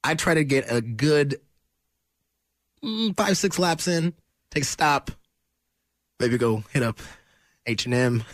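A man's voice: mid-range voice, lively intonation, slow pace, long pauses, no echo. A man co-hosting a morning radio show from a studio, with teasing, playful banter. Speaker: radio co-host.

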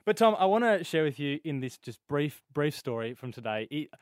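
An Australian man co-hosting a radio show, telling stories in chatty, animated banter. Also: on the high side, brisk, no echo, clean studio sound. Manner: animated storyteller, chatty with fillers and laughs. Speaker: radio co-host. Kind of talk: casual banter on breakfast radio.

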